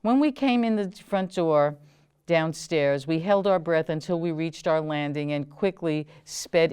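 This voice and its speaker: Woman host reading her own memoir, slow and deliberate, lowish voice, very clear. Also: darkish tone. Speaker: host and author. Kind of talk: reading a personal memoir aloud.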